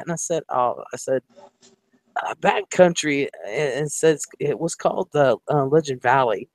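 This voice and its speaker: A man's voice: mid-range voice, moderate pace, no room sound. Profane man from Ohio telling a story. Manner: animated, profane, acts out quoted voices. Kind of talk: casual storytelling.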